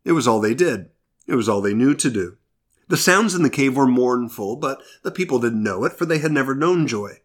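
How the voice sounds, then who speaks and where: A man preaching a sermon, reading scripture and telling a story earnestly, often slowing down for emphasis. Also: mid-range voice, animated. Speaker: pastor.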